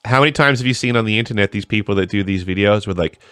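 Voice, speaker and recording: Male podcast host; low-pitched, blunt, exasperated, recorded dry and close. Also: racing, fairly bright tone, clean tone, no room sound. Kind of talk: casual podcast conversation.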